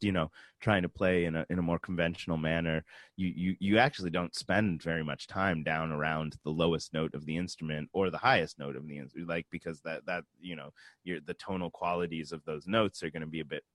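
A man with a very low voice talks casually as a guest on a radio show, circling back and restarting his sentences often. The studio sound is dry and close. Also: no echo. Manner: rambling, many restarts. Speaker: musician guest.

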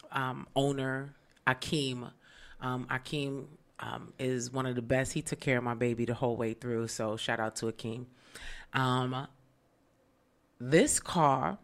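Low-voiced woman telling animated stories. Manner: animated storyteller who acts out other people's voices. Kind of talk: casual chat.

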